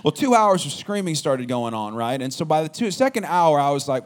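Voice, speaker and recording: Man preaching a lively story-driven sermon. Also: a little high, fairly quick. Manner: storytelling, animated, drops to a hush at the quiet moments. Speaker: pastor.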